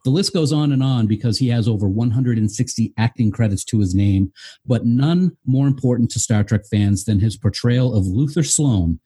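A man hosting a podcast with a mellow, slightly husky voice. He reads an earnest introduction, stressing each item in a list, then asks questions. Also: lowish voice. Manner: earnest, builds up lists with emphasis. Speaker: podcast host. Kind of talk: scripted guest introduction and interview questions.

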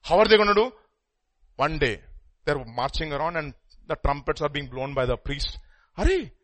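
A man preaching a sermon, swinging from hushed murmurs to loud stressed lines and slowing down to stress key words. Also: on the high side.

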